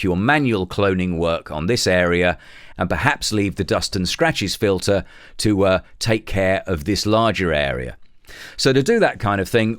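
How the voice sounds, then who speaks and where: A man, walking through a photo editing tutorial step by step in a relaxed, explanatory way. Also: lowish voice, dry recording, clean studio sound. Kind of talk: software tutorial.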